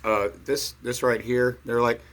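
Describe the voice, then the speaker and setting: A middle-aged man telling a rambling personal story in a halting way, full of fillers and restarts. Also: mid-range voice, level tone, fairly bright tone, a little hiss or hum. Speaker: vlogger.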